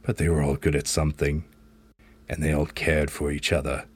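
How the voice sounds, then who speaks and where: A man's voice: extremely low pitch, flat delivery, normal speed, breathy edge, heavily acted. A man playing Merlin, a kindly talking book. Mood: gentle. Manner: gentle, rambling and reassuring. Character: Merlin as an old talking book, wise and kind.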